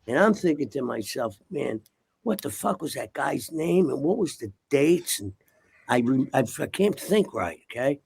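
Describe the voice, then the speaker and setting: Gravelly older man telling rambling stories. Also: mid-range voice, sing-song, normal speed, a little mellow. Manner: profane, rambling, keeps asking okay?. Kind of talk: casual storytelling.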